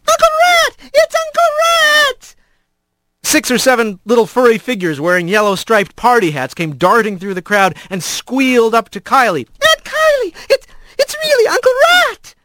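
A man reading a storybook aloud as narrator, in an expressive, animated way. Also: high voice, dry recording.

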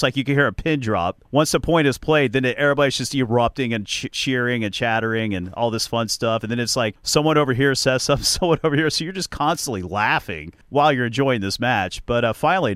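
A man's voice: medium pitch, no room sound. Chatty man recounting his trip, dry sound. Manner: chatty storyteller, animated, laughs often. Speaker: podcast host. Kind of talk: casual chat.

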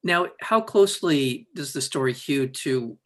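A man interviewing a guest, asking questions in a halting way and rephrasing them mid-sentence. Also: mid-range voice, animated.

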